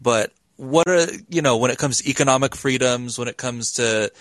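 A man's voice: mid-range voice, normal speed, a bit bright, dry recording. A man hosting a podcast, asking long, searching questions in a casual interview. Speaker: podcast host.

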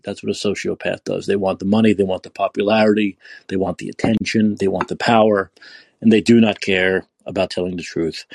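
A man's voice: fairly low pitch, darkish tone, slightly rough, no echo. A man hosting a podcast, ranting angrily and profanely, sounding tired and upset. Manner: profane, scornful. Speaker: podcast host. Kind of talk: angry political rant.

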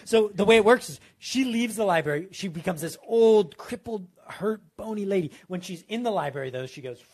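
A man co-hosting a casual podcast, playfully reading out a story pitch with joking asides. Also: lively intonation, brisk, breathy edge. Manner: playful, reads aloud with self-deprecating asides. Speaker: podcast co-host.

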